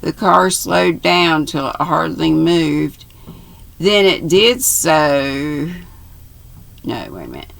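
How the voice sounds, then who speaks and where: An older woman reading a novel aloud, unhurried and pausing now and then to correct herself. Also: deep voice, big pitch swings, vocal fry, a bit bright. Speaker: reader.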